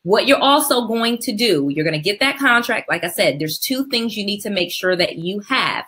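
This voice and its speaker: Bright-voiced woman coaching real estate. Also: medium pitch, lively intonation, normal speed. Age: middle-aged. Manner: emphatic, repeats key steps, checks in with "okay?". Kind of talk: live teaching call.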